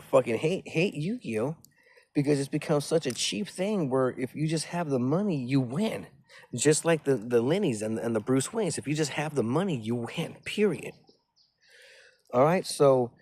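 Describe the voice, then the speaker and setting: A man's voice: mid-range voice, darkish tone. A man in a rambling, agitated, profane monologue who keeps repeating himself.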